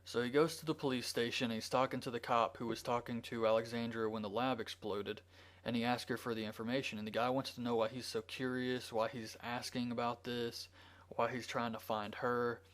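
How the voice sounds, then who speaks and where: A man reviews a movie by retelling its plot in a loose, rambling recap peppered with ums and likes. His mid-range voice is brisk, a bit bright, and flat in delivery.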